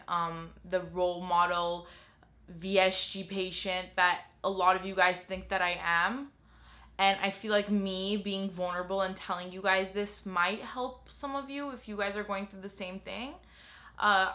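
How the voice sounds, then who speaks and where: Young woman with a bright, halting voice. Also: medium pitch. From Los Angeles, US. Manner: candid, halting, with many fillers and restarts. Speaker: vlogger. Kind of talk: confessional vlog talk.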